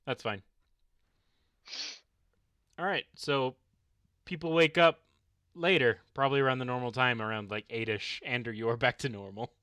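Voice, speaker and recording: A man's voice: medium pitch, fairly even intonation, moderate pace, long pauses, bright, forceful tone, clear, resonant tone, dry recording. A man running a tabletop role-playing game as game master, explaining the rules patiently.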